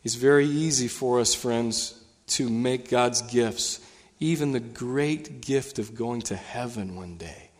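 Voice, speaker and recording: A man preaching a sermon as pastor in a church, animated, his voice climbing higher and louder when he retells scenes. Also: slow pace, big-room sound. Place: church sanctuary.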